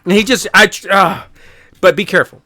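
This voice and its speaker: A man rants bluntly on a casual podcast. His voice is bright and forceful and sits a bit high, and the sound is dry and close. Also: fairly quick, no echo. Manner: blunt, ranting, swears a lot. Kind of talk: casual chat.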